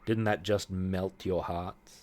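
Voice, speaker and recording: A man's voice: low-pitched, steady tone, slow, a little mellow. A man streaming a game live, reading the story aloud with playful joking asides.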